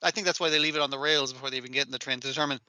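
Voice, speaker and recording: A man, co-hosting an anime podcast in casual chat. He is animated, swears often and acts out scenes. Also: mid-range voice, very fast, no echo. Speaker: podcast co-host.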